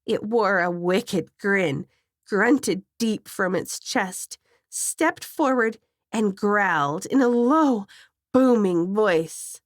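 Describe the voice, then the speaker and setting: A woman narrating a scripted horror story in a measured, suspenseful way, close to the mic. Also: mid-range voice, no room sound.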